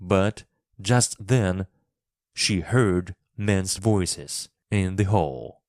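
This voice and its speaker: A man reads a classic children's story aloud for English learners, his voice low and his pace slow and deliberate. He is expressive and clear, with every word easy to follow. The recording is close and dry. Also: dry recording. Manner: expressive, clearly paced reading. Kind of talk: scripted narration for English learners.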